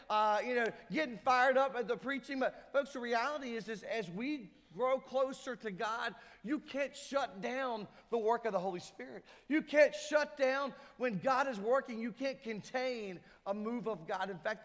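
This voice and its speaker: High-voiced man preaching in a reverberant church. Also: a bit bright. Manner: emphatic preaching, acts out crowd voices. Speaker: pastor. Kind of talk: sermon. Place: church sanctuary. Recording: hall reverb.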